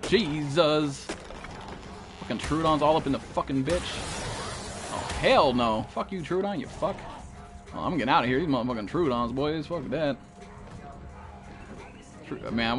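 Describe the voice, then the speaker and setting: A young man live-streaming a game, chatting to viewers in a loud, profane way and jumping into high yelps. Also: normal speed, long pauses, faint music behind. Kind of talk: live-stream chat while gaming.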